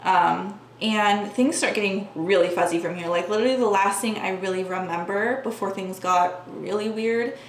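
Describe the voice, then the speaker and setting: Speaking at a moderate pace with few pauses, this medium-pitched woman vlogger tells the camera her personal story in earnest. Her casual talk is peppered with "like," and the echoey room carries a faint hum.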